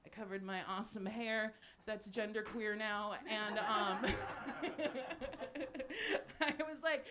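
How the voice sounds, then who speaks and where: A woman in her forties performing a live stand-up set at a small cafe, animated, laughing at her own jokes and shouting punchlines. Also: a little high, normal speed. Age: 40s. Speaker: stand-up comedian. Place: small cafe stage before a live audience.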